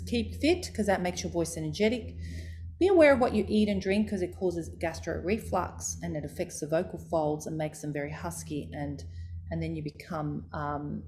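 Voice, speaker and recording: A woman giving a voice coaching talk, demonstrating pitch and stress exercises aloud as she explains them. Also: a little mellow, a little hiss or hum.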